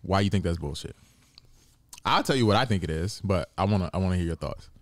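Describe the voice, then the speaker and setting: A man co-hosting a podcast in a laid-back, teasing way, laughing often. His voice sits a little low, and it sounds dry and close on a studio mic. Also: quick pace, no echo. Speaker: podcast co-host. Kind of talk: casual chat.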